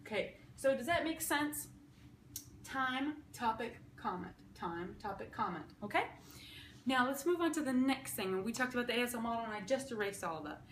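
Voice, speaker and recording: A woman's voice: a little high, animated, moderate pace. A woman teaching sign language grammar in a casual way. She explains step by step at a whiteboard and keeps checking in with "okay?". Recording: echoey room, faint background noise.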